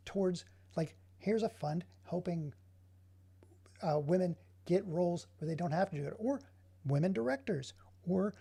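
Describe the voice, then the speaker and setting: A man's voice: high-pitched, creaky, dark tone, slightly rough. A man casually commenting on his digital art work, drifting into sarcastic, rambling rants. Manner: rambling, sarcastic ranting asides. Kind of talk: casual running commentary while working.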